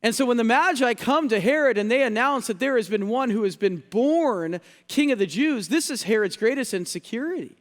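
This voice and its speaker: A man's voice: extremely high pitch, lively intonation, fairly quick, few pauses, big-room sound. A male pastor preaching a sermon, teaching earnestly, stressing key words and repeating phrases for effect. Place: church sanctuary.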